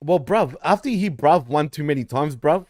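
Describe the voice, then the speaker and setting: A man's voice: on the high side, animated, normal speed, a little mellow, no room sound, studio quality. A man co-hosting a casual wrestling podcast, swearing freely, teasing and laughing often. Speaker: podcast co-host.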